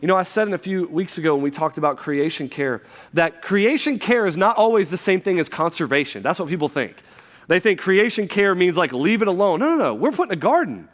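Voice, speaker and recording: A man in his thirties preaching a sermon to his church, conversational, with quick asides and frequent restarts. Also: high-pitched, big pitch swings. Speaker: pastor. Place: church sanctuary. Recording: long hall reverb from a church.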